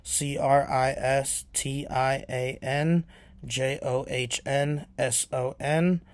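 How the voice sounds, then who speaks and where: A man's voice: mid-range voice, steady tone, takes it slowly, no room sound. A man hosting his own podcast, rambling casually with many fillers. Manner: rambling, lots of filler ums. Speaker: podcast host.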